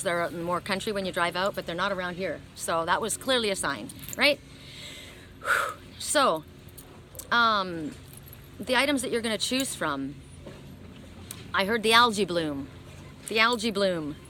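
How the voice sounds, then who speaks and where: A woman's voice: mid-range voice, background noise. Earnest woman card reader talking outdoors. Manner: earnest, emphatic storytelling with repeated phrases. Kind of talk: casual spiritual talk to viewers.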